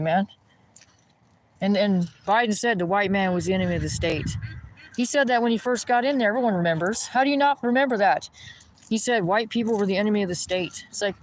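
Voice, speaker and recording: A man's voice: sits high, low-quality recording. A man ranting in a rambling, indignant way while walking outdoors by a pond. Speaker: vlogger.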